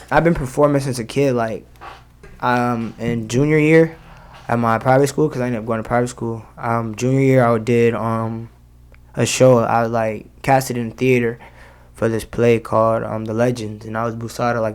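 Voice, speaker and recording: A man's voice: medium pitch, flat delivery, moderate pace, clear, resonant tone. A young man, a rapper, talking casually in an interview, full of slang and fillers. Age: young adult. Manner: slangy, loose, many fillers. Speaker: rapper guest.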